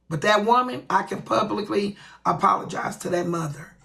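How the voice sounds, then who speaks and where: A woman's voice: medium pitch, brisk, creaky, few pauses, a bit bright, poor audio. A woman hosting her own livestream, ranting bluntly and with lots of profanity. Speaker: livestream host. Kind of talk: ranting live stream.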